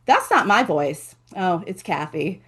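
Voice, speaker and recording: A woman author hosting her own book launch over a video call, chatty and animated, with playful asides. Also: lowish voice, unhurried, breathy edge. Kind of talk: casual live presentation.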